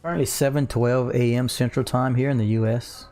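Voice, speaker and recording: A man's voice: medium pitch, steady tone, brisk, dark tone, faint music behind. A man in his thirties with a Cajun Louisiana accent, hosting a casual livestream from home, chatting easily and reading viewer comments aloud. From South Louisiana. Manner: laid-back, reads chat aloud, drawls "y'all". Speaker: livestream host. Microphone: studio mic on a boom.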